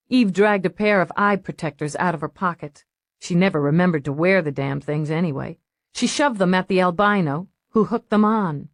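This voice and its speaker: Low-voiced woman narrating an audiobook. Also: normal speed, no room sound, clean studio sound. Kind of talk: scripted narration.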